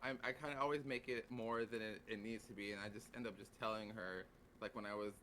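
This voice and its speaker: A man's voice: lowish voice, steady tone, fast, bright, forceful tone, a little hiss or hum. A man on a panel talking casually, rambling with lots of "like" and restarts. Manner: loose and rambling, full of "like" and restarts.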